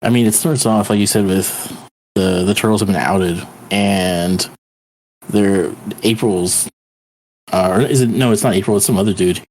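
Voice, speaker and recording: A man's voice: on the low side, moderate pace, darkish tone, slight background noise. A man co-hosting a podcast, chatting loosely and profanely, retelling scenes with a laugh. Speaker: podcast co-host. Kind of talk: casual chat.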